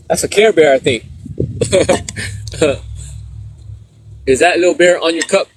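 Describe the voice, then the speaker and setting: A man's voice: fairly high pitch, takes it slowly, long pauses, a little hiss or hum. A middle-aged man from San Diego, chatting on a live stream, reading out viewer comments and telling stories in street slang while laughing often. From San Diego, USA. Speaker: livestreamer reading chat. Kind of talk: casual live stream chat.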